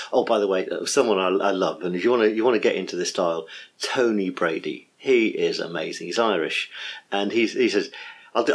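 A middle-aged man, teaching a workshop on guiding meditation in an enthusiastic, chatty way. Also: low voice. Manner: enthusiastic, chatty, full of praise.

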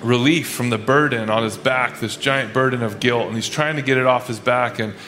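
Soft background music plays behind a man preaching at normal speed in a mid-range, slightly bright voice. This pastor keeps things casual and conversational, restarting sentences often and acting out people's unspoken thoughts in quoted asides.

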